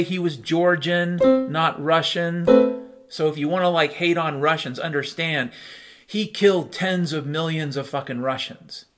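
A man's voice: on the high side, a bit bright. A man hosting a solo commentary show, ranting in a profane, sardonic way. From United States. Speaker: podcast host.

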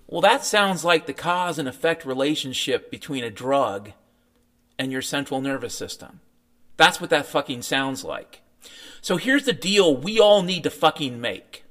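A man's voice: mid-range voice, animated, normal speed, a bit bright. A man ranting in a sardonic, profane monologue as a podcast host, mocking what others tell him. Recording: faint piano music behind.

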